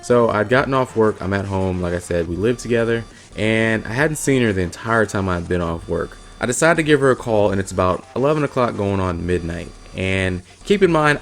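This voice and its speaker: A man's voice: fairly low pitch, brisk, hardly any pauses. A man vlogger telling a funny story from his past in a casual, blunt and profane way. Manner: profane, blunt, animated retelling.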